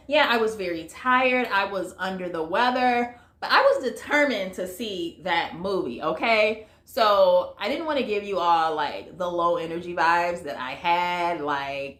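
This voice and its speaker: Her fairly low, slightly bright voice is recorded with reverb. This American vlogger gives a casual, chatty movie review full of fillers, talking right to her viewers and calling them "y'all."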